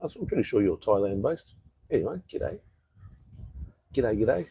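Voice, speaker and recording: A man's voice: on the low side, very animated, unhurried, vocal fry, dark tone, a little hiss or hum, low-quality recording. A man with an Australian accent, rambling in a laid-back way as he chats casually on a live stream from an outdoor patio. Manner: rambling, laid-back, reads out viewer comments. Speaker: vlogger.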